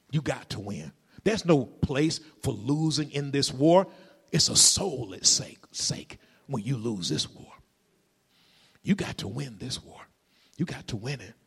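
A man preaching a sermon in a Southern Black church style, dropping to whispers and rising to shouts. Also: fairly high pitch, husky. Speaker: pastor. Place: church sanctuary. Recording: reverberant hall.

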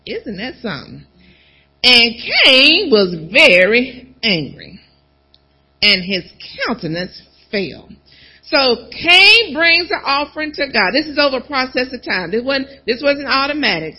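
A woman preaching a sermon, talking straight to the congregation and pausing for replies. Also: medium pitch, husky, highs cut off. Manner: animated, calls out to the congregation.

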